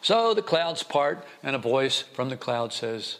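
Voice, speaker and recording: A man's voice: mid-range voice, expressive, unhurried, few pauses, fairly bright tone. A man preaching a conversational, wry sermon, often acting out the voices he quotes. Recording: long reverb.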